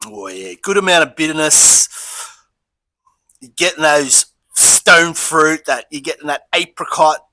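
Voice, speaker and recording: A man's voice: fairly high pitch, fairly even intonation, measured pace, creaky, sharp tone, dry recording, rough recording. An Australian man casually reviewing a beer and rambling through a story, chatty and easygoing.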